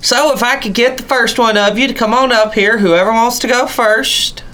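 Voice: medium pitch, moderate pace, pushed and bright, pitched above the performer's own voice, lightly acted. A game master voicing a welcoming, folksy male tribal king of a roaming tribe in a tabletop game. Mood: jovial.

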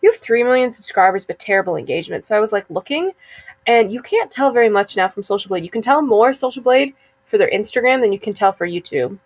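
A woman's voice: medium pitch, sing-song, breathy edge, dry recording. Chatty young woman, dry sound. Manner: chatty, fast-flowing, laughs often. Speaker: podcast co-host. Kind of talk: casual chat.

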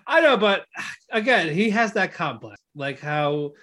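A man co-hosting a podcast, casually recapping anime episodes in a rambling way and acting out characters' lines in quick voices. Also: sits high, sing-song, a bit bright. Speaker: podcast co-host.

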